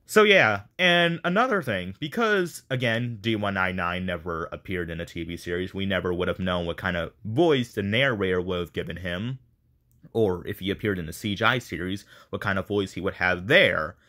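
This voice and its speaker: Rambling man with a bright, lowish voice. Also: normal speed. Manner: rambling, self-deprecating. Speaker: video creator running a voice casting call. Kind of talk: casual chat to viewers.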